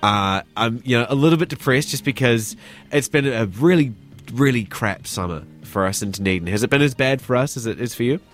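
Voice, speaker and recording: A man's voice: mid-range voice, expressive, a little fast, soft background music. A man hosting a casual radio interview, laid-back and slangy, talking into a studio microphone. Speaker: radio host.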